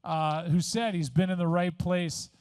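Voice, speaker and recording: A man's voice: high-pitched, steady tone, a little slow, a little mellow, smooth, dry recording. A man in his fifties from Missouri giving a conversational, self-deprecating award acceptance speech at a podium microphone. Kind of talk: after-dinner acceptance speech. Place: resort event room.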